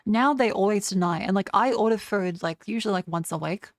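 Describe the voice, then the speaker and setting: A woman's voice: medium pitch, a little fast, no echo. Young woman streamer ranting, swears a ton, does mocking voices, dry close sound. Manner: profane, ranting; mocks others in put-on voices. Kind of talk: casual livestream chat.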